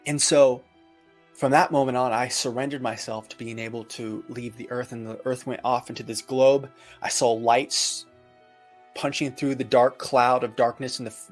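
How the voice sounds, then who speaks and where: A man telling his near-death experience as a personal testimony, earnest and vivid, with dramatic pauses. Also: mid-range voice.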